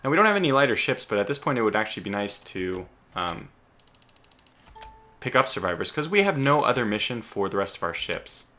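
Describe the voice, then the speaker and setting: A man's voice: fairly low pitch, very animated, brisk, bright, forceful tone. A man doing gameplay commentary, thinking aloud with stumbling restarts and sudden exclamations, keyboard clicks behind him. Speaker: let's play host.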